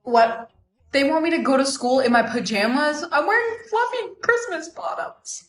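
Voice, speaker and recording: A woman's voice: high-pitched, animated, moderate pace, roomy sound. A synthetic woman's voice as Bailey, a blunt teen girl. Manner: blunt, sarcastic. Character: broke teenage girl Bailey, sassy and blunt. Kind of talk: text-to-speech storytime.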